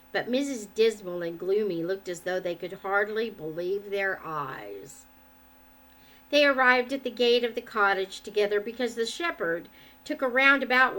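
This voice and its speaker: A woman reading a children's book aloud in an expressive, measured way. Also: mid-range voice. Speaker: storyteller.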